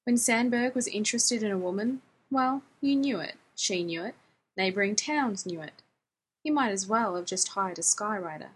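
A woman's voice: mid-range voice, lively intonation, moderate pace, husky. A woman narrating a story in a wry, conversational way, with casual profanity. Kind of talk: audiobook narration of fiction.

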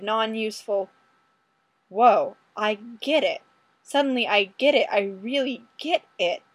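A woman's voice: a little high, no room sound. A woman reading a first-person story aloud in a wry, conversational manner. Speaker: audiobook reader.

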